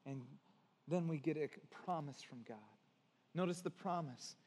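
A man preaching a sermon as pastor, earnest, moving between hushed and emphatic passages. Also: fairly high pitch, moderate pace, long reverb tail.

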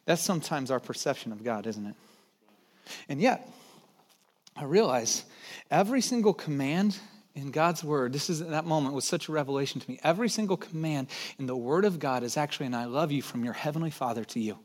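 A man in his thirties preaching a sermon as pastor, animated and storytelling, often dropping to a soft low tone for emphasis. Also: a little fast.

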